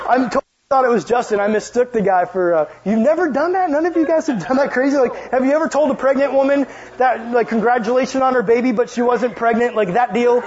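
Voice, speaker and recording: A man's voice: extremely high pitch, fast, hardly any pauses. A young man preaching to a youth group in a casual, joking storytelling style, often turning to ask the audience questions. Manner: casual, chatty, jokey asides to the audience. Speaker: youth pastor. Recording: dull lo-fi sound.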